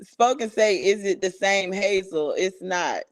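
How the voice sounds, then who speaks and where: A woman's voice: medium pitch, unhurried. A woman, co-hosting a casual chat with giggly, reactive remarks. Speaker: co-host.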